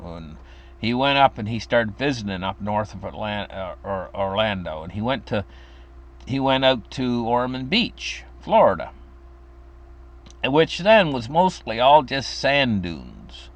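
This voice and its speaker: A man's voice: mid-range voice, sing-song, a little slow. A man in his fifties from the United States, telling a childhood story in a meandering, chuckling way. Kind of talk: casual personal storytelling.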